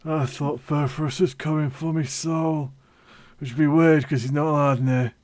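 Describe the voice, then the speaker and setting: A man's voice: fairly high pitch, steady tone, normal speed, darkish tone, pitched above the performer's own voice, lightly acted. A man voicing a grumpy giant male smith who talks bluntly. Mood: startled.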